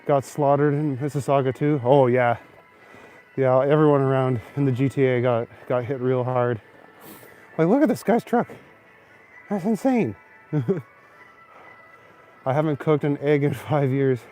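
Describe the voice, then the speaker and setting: A man's voice: mid-range voice, measured pace, pauses often, mellow, faint music behind. A young man hosting a casual live stream while walking snowy city streets at night, chatting and answering viewers' comments. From Canada. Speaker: livestream host. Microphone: phone camera, held while walking.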